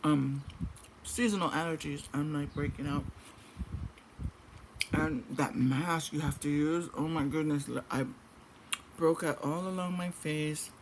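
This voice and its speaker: A middle-aged woman vlogging at home, chatting in a rambling, casual way. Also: low voice. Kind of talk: casual chat. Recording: noisy home recording.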